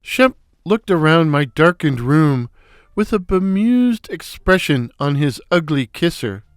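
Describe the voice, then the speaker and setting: A man narrating a comic story in a wry, deliberate way. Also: on the high side, big pitch swings, clear, resonant tone, no room sound, studio quality. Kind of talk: storytelling with character voices.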